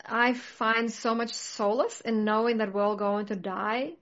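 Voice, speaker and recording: A woman's voice: fairly high pitch, little pitch movement, unhurried, fairly bright tone, dull audio. A woman in casual conversation, talking earnestly and reflectively, with many "like" fillers. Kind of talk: casual chat.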